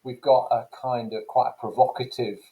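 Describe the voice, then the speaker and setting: A man's voice: mid-range voice, flat delivery, normal speed, mellow, low-quality recording. A man teaching a recorded lesson, explaining casually with fillers and reading quotations aloud from texts. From England. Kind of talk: recorded classroom lecture.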